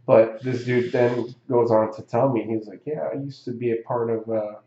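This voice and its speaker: A man's voice: mid-range voice, fairly even intonation, moderate pace, dark tone, reverberant, highs cut off. A man telling a story in a casual chat, rambling and swearing, with many fillers and restarts. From Southern California.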